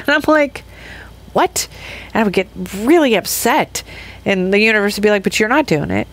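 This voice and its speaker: A woman's voice: medium pitch, animated, moderate pace. A middle-aged woman hosting a podcast, talking through a personal reflective monologue in a rambling, self-interrupting way with frequent laughs. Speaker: podcast host.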